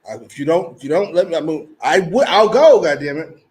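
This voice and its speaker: A man's voice: fairly high pitch, lively intonation, fairly quick, darkish tone, low-quality recording. A man co-hosting a casual wrestling review podcast, talking bluntly, profanely and mockingly. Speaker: podcast co-host.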